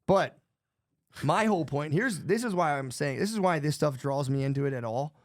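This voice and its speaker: A man's voice: a little high, expressive, moderate pace, dry recording, studio quality. A man co-hosting a podcast in casual chat, rambling and profane, jittery from too much coffee. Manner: rambling, profane, restarts often. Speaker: podcast co-host.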